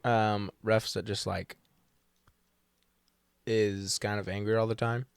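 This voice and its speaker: A man in a casual podcast chat, giving calm, matter-of-fact opinions. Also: fairly low pitch, slow, gravelly, smooth, no echo, studio quality. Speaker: podcast co-host.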